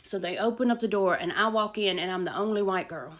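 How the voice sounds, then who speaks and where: A middle-aged woman telling a casual storytime, animated, with loud emphasis and hushed asides. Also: medium pitch, a little fast.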